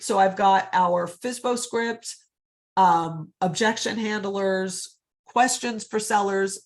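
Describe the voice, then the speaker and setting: A woman's voice: medium pitch, vocal fry. A woman coaching real estate agents in a live online session, chatty and upbeat, often calling her audience guys, on a computer mic.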